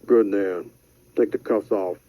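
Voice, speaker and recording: A man's voice: fairly low pitch, fairly even intonation, measured pace, no echo, narrow, tinny audio, lightly acted. A man reading a curt, commanding boss character in an audiobook, giving clipped orders.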